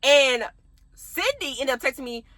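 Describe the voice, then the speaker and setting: A woman's voice: high voice, expressive, a little slow, a bit bright, no echo. A young adult woman telling a story to her viewers in casual chat, laughing often and addressing them directly. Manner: chatty, laughs often, talks straight to viewers. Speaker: vlogger.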